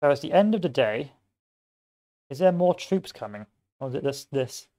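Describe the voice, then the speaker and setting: A man's voice: medium pitch, expressive, moderate pace, dark tone. Man, gameplay commentator, casual, rambling, jokey tangents. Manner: rambling history tangents with joking asides. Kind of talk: casual let's-play commentary.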